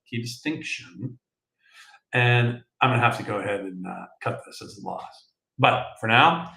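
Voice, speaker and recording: A man hosting a market show, talking through charts in a casual, animated way and calling his viewers folks. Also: mid-range voice, echoey room, low-quality recording. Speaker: market analyst host.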